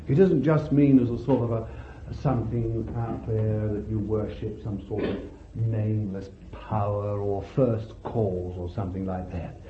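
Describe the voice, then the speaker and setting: A man preaching a sermon with fervor, calling out hallelujahs and swinging between loud bursts and hushed words. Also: lowish voice, slight background noise. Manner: slow deliberate delivery, stretching key words. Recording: echoey hall, tinny lo-fi sound.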